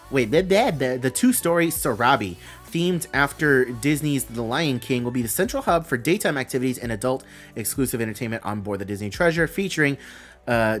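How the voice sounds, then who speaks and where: A man's voice: medium pitch, fairly bright tone. A man hosting a live stream, reading out announcements and thinking aloud with a rambling, casual manner.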